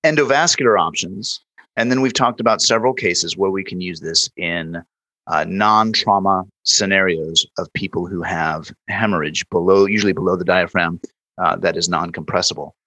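A man's voice: low voice, normal speed. A man hosting a medical podcast as an emergency physician, telling a story and acting out the dialogue. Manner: lively storyteller who acts out quoted dialogue. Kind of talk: casual medical podcast chat and anecdote.

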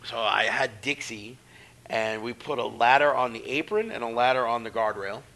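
A man's voice: mid-range voice, moderate pace. A middle-aged man, a professional wrestler, telling stories in casual, profane talk and acting out the voices in them. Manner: profane, animated, acts out voices. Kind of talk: casual storytelling.

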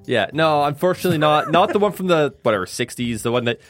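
A man's voice: on the high side, lively intonation, fast, fairly bright tone, faint music behind. A man co-hosting a casual chat, talking eagerly about the cartoons he grew up with. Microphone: phone speaker pointed into the mic at times.

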